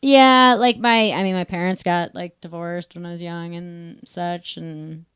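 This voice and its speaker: A woman with a Buffalo accent speaks in a nasal, rather flat and lifeless tone, her voice on the lower side and smooth. She co-hosts a podcast, and the sound is dry and close. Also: measured pace, no room sound. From Buffalo area, New York. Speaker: podcast co-host. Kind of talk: casual podcast chat.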